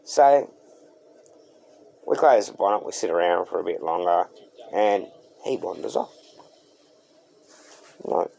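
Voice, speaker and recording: Slow, gravelly Australian bloke telling a yarn. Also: male voice, low-pitched, sing-song, dark tone, a little hiss or hum. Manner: laid-back, slangy, acts out quotes. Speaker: car channel host. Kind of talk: storytelling to camera.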